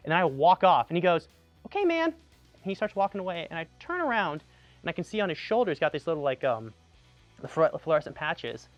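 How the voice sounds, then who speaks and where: A man's voice: fairly high pitch, brisk, dry recording, highs cut off, soft background music. A young man from Tucson, an army veteran, casually telling anecdotes in a chatty way full of "like" and restarts. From Tucson, Arizona, USA. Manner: animated, chatty, lots of "like" and restarts.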